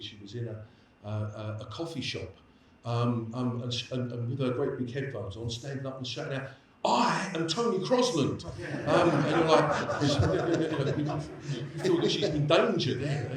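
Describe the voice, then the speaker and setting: A man's voice: mid-range voice, slight background noise. Guy lecturing, rambling friendly stories, lots of restarts, echoey hall, mic kinda far. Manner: chatty, anecdotal, many restarts. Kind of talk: lecture Q&A answer.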